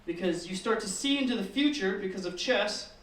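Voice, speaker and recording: Stand-up comic, male, high-pitched and deadpan, recorded in an echoey room from a distance. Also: brisk. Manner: deadpan storytelling, swearing, acting out kids in squeals. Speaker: stand-up comedian. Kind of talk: stand-up comedy set. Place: comedy open mic room.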